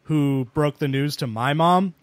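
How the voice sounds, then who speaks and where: A young man tells loose, rambling stories on a casual podcast, padding them with fillers. His voice sits a little high for a man. The sound is dry and close, with no room echo. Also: a little slow. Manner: rambling anecdotes with many fillers. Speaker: podcast co-host. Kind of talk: casual storytelling chat.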